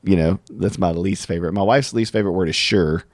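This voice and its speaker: A man's voice: deep voice, fairly quick, no room sound, studio quality. A man hosting an interview, chatting casually and acting out both sides of his stories. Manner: animated storyteller, acts out both sides. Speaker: podcast host.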